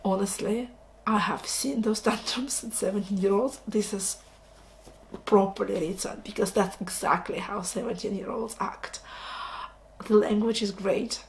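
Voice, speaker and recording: A woman's voice: mid-range voice, moderate pace, creaky, a little hiss or hum. A woman casually chatting about books she has just read, enthusiastic and exclaiming, on a camera mic at home. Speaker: book vlogger. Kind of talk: casual book review chat.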